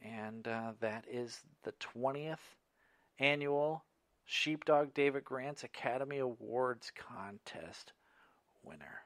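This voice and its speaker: A man's voice: medium pitch, steady tone, slow pace, a bit bright, no room sound. A man co-hosting a podcast, chatting casually and teasing his co-host with wry remarks. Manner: wry, teasing, reads out contest results. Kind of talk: casual chat.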